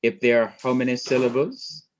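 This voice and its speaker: A man's voice: mid-range voice, normal speed, lo-fi sound, slight background noise. A man from Jamaica teaching a Hebrew class online, explaining patiently and repeating his points.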